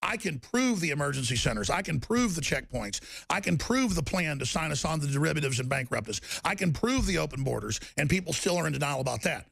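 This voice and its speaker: A middle-aged talk show host delivers an impassioned, ranting monologue, swinging between loud outbursts and low, intense passages. He's very animated and quick, with few pauses, and his voice is creaky and slightly rough, with no echo.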